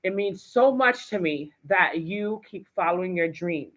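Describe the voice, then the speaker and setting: A woman's voice: lowish voice, animated, a little slow. A woman hosting a live online talk show, effusive and enthusiastic as she thanks her guest. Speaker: host. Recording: dull lo-fi live stream audio.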